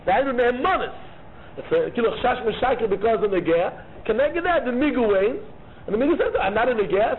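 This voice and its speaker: A man teaching a Talmud lecture, arguing both sides of the case in an animated way and repeating key phrases. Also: very high-pitched. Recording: tinny phone-like line with faint noise.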